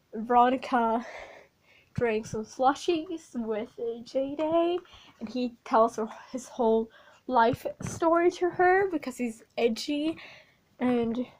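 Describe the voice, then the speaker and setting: A woman with a high voice recaps a story in a loose, rambling way, swearing now and then and leaning on fillers. She talks slowly and informally as commentary over a speedpaint. Her delivery is unpolished and chatty. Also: a little mellow, poor audio. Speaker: video creator.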